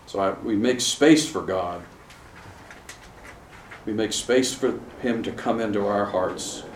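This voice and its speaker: A middle-aged man from Charlotte, North Carolina preaches a sermon in a chapel, questioning the congregation and calling for responses. His voice is on the low side and slow, with a little hiss or hum. The roomy chapel sound is captured from a distance.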